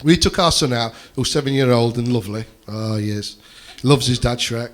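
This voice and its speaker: A man's voice: medium pitch, steady tone, moderate pace. A man doing a rambling stand-up set, swearing freely and chatting with the crowd from a comedy club stage.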